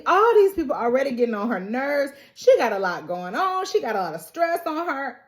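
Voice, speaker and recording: A young woman with a fairly high voice recaps a TV episode in a loose, slangy, storytelling way. She laughs often and slips into quick character voices when she retells what people said. The delivery is animated and conversational. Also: roomy sound, slight background noise. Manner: acts out characters' lines in quoted voices. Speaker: TV recap host. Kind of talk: casual TV recap and reaction.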